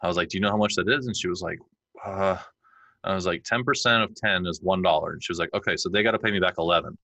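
A man in his forties, a podcast guest, chatting and telling animated stories where he acts out his kids' lines. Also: sits low, fast talker, no echo, low-quality recording. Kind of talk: conversational interview.

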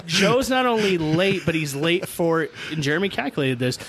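A middle-aged man hosting a podcast, telling a childhood story in a profane, animated way and laughing as he goes. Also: fairly high pitch, normal speed, a little hiss or hum. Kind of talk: casual storytelling among friends.

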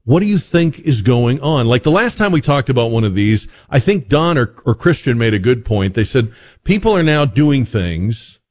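A male radio host delivers commentary with a dry, joking edge, often stopping and restarting mid-thought. His pitch rises and falls widely as he talks. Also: normal speed. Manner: wry, joking, animated with many restarts. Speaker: radio talk show host.

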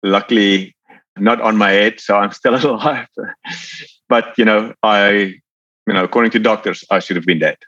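A man from South Africa with a South African accent, telling his life story as a podcast guest in a relaxed, rambling way. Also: fairly low pitch, moderate pace, no room sound, highs cut off. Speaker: podcast guest, Paralympic athlete. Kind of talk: casual storytelling.

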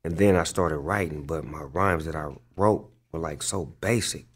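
A man's voice: a bass voice, moderate pace, husky. A man, a rapper being interviewed, telling stories in a loose, profane way full of fillers. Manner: loose, profane, filler-heavy storytelling with frequent "like". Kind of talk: casual interview storytelling.

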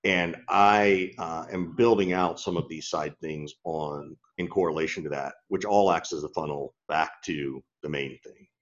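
A man's voice: very deep voice, unhurried, few pauses. A man co-hosting a podcast in casual chat, rambling with many fillers and restarts. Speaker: podcast co-host and sales trainer. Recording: dull lo-fi sound.

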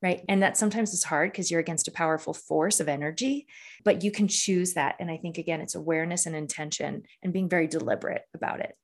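Earnest low-voiced woman coach. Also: quick pace. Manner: earnest, storytelling, frequent "right?" tags. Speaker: leadership coach, guest. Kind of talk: conversational interview.

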